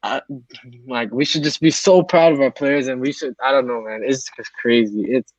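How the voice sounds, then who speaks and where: A man's voice: medium pitch, normal speed, no room sound, lo-fi sound. A man calling into a live fan stream over a video call, emotional and rambling, often repeating himself. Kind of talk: casual video call chat.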